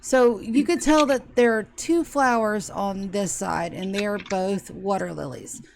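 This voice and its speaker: A woman's voice: mid-range voice, a little slow, creaky, slight background noise. A woman narrating a tabletop game as game master, casual and swearing freely.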